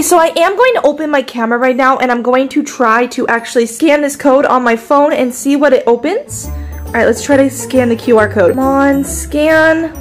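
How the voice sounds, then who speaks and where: A young woman vlogger with a very high voice, talking in a dramatic, excitable way and leaning on filler words. She films at home at night while clear music plays under her. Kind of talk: scripted skit vlog.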